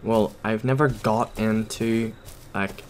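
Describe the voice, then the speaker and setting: A gaming YouTuber with a lowish, steady voice gives slow, casual commentary while playing at his computer, over a slight hiss or hum. He rambles hesitantly, with lots of ums and self-corrections.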